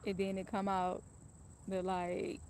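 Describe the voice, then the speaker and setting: A woman's voice: mid-range voice, monotone, slow, darkish tone, slight background noise. A woman casually telling a personal story in a candid, profane, rambling way.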